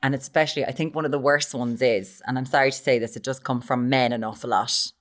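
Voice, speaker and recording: A woman from Limerick with an Irish accent, co-hosting a casual chat podcast, animated and mocking. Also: very deep voice, fast talker. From Limerick, Ireland. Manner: animated, mocking, mimics others. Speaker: podcast co-host.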